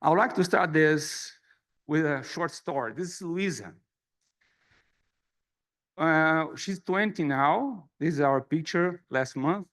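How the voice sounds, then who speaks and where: A man's voice: a little high, lively intonation, takes it slowly, pauses often, fairly bright tone. A middle-aged man from Brazil with a Brazilian Portuguese accent, giving an earnest, self-deprecating presidential speech at a conference. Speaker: society president giving an address. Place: conference hall.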